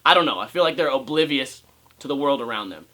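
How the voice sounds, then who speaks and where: A young man at home rants about skateboarding in a casual vlog, cursing, being sarcastic, and often imitating others mockingly. He talks fast in an animated, mid-range voice that sounds pushed and bright.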